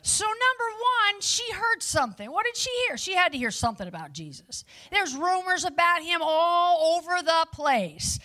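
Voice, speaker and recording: Woman preacher, very high and bright, energetic sermon delivery. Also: normal speed, few pauses. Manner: energetic and lively, chatty asides to the audience. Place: before a live audience.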